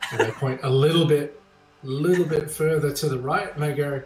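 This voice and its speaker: A man's voice: fairly high pitch, brisk, darkish tone. A man playing in a tabletop game, laid-back and joking as he describes his character's actions. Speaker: player. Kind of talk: tabletop role-play. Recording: echoey room.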